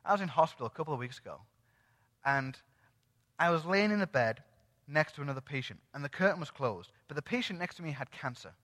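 Bright high-voiced man, echoing hall. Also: fast. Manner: animated storyteller who acts out quoted dialogue. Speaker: church speaker sharing a testimony. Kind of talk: sermon testimony storytelling. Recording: long reverb of a large hall.

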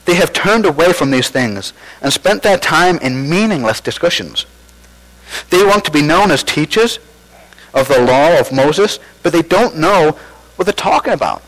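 A man's voice: on the high side, animated, measured pace, fairly bright tone, rough recording. A man preaching a sermon as pastor, conversational and self-deprecating, with false starts.

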